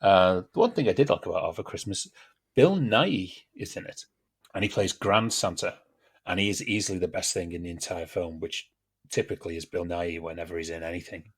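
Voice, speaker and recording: A man's voice: deep voice, a little fast, slightly rough. A British man hosting a podcast in casual chat, laughing often and going on grumbling rants. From Britain. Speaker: podcast host.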